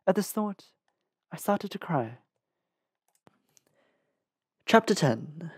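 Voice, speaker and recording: A reader narrates a storybook chapter in a measured, careful voice of middling pitch. The pacing is deliberate, with a small restart here and there. The sound is close and completely dry. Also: a little mellow, no room sound. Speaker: audiobook reader.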